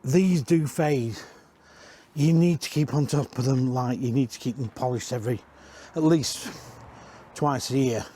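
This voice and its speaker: A man's voice: mid-range voice, unhurried, dark tone, husky. A man giving a casual, rambling walk-around tour inside used caravans, chatting and correcting himself as he goes. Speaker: caravan industry reviewer.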